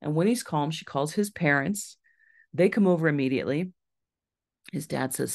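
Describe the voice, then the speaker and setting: A woman's voice: sits low, normal speed, gravelly, pauses often. A woman author giving a library talk, telling a true story and acting out the people in it. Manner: animated storyteller, acts out quoted voices. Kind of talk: storytelling lecture.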